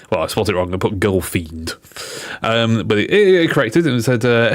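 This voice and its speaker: A young man streaming casually, swearing freely and laughing as he reads out silly chatbot jokes in a higher mock voice. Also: normal speed, dry recording, studio quality. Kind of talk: casual livestream chat.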